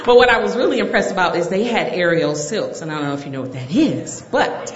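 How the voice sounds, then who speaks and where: A middle-aged woman telling a personal story to an audience, animated and laughing through it. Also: on the low side, fairly quick, muffled recording, background noise.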